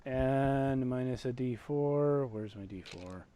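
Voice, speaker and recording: A man's voice: mid-range voice, takes it slowly, dark tone, clear, resonant tone. A man narrating and running combat as game master of a tabletop game, describing the blows vividly and energetically.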